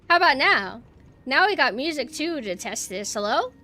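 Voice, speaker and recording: A woman streaming a game and chatting casually with her viewers, swinging between quiet murmurs and loud exclamations. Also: high voice, sing-song, normal speed. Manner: chatty, talks to chat directly. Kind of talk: casual gameplay livestream chat.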